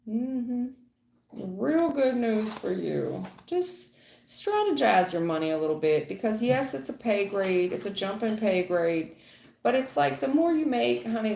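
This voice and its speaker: A woman's voice: fairly high pitch, expressive, takes it slowly, vocal fry, dark tone, roomy sound, a little hiss or hum. A woman giving a live tarot reading, chatty and folksy, calling viewers honey and baby. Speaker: tarot reader.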